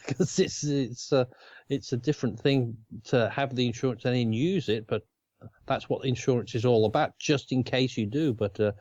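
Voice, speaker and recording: A man's voice: mid-range voice, moderate pace, darkish tone, dry recording, muffled recording. A man with an Australian accent co-hosting a casual chat, rambling and chuckling often. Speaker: co-host.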